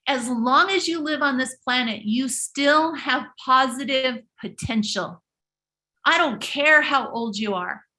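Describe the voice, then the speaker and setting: A woman's voice: high-pitched, unhurried, sharp tone. A woman hosting a live motivational talk, speaking emphatically and preachily, often repeating and restarting her words. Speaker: host of a live motivational stream.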